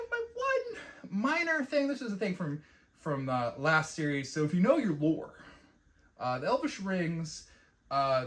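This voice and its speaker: A man's voice: on the high side, fairly bright tone. A man casually reviewing a fantasy TV episode, rambling and profane, with lots of fillers. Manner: rambling and profane, with mocking quoted impressions.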